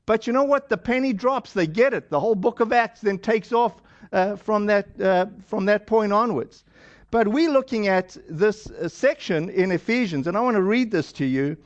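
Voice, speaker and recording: A man with a high voice preaches a relaxed, chatty sermon and slips into the voices of the people he quotes. The recording sounds dull and lo-fi. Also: moderate pace. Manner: casual storyteller, acts out quoted lines. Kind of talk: conversational sermon.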